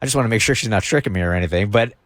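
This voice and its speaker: Animated male radio host telling a story. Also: on the low side, rapid-fire, no echo, studio quality. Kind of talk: storytelling on a morning show.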